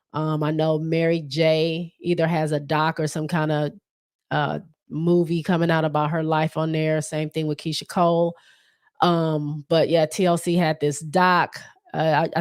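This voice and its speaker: Low-voiced woman hosting a casual podcast. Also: clear, resonant tone. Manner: chatty, loose, many fillers and restarts. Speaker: podcast host. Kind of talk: casual solo podcast chat.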